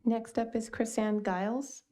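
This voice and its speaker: A woman's voice: fairly high pitch, steady tone, unhurried, mellow, a little hiss or hum. A woman acting as meeting clerk, calling speakers and reading comment cards into the record in a plain, businesslike way.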